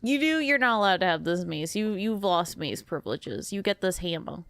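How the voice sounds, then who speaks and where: A woman's voice: fairly low pitch, animated, moderate pace, a bit bright, no room sound. A sleepy woman streaming a game, chatting casually with her viewers while laughing and rambling. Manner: rambling and giggly, talks to chat. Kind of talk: casual gameplay commentary.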